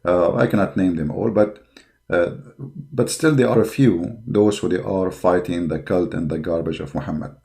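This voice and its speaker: Low-voiced and warm, with vocal fry and a normal pace, a male religious commentator gives an impassioned online talk in non-native English. His preaching is combative and packed with fillers, and it becomes heated and mocking.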